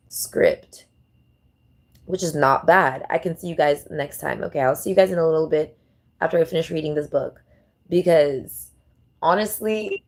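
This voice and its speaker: A woman hosting a casual vlog, rambling and thinking out loud as she fumbles through numbers. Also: low-pitched. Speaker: channel host.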